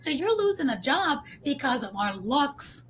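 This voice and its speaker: A woman's voice: high-pitched, big pitch swings, a little slow, a bit bright, slight background noise. A woman hosting an interview show, talking in an effusive, encouraging way to her guest. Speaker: talk show host. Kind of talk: interview conversation.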